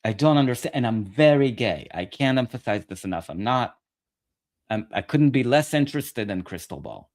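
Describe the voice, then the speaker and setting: A man's voice: medium pitch, expressive, moderate pace, a little mellow. A man ranting in a political commentary video, profane, sarcastic and mocking.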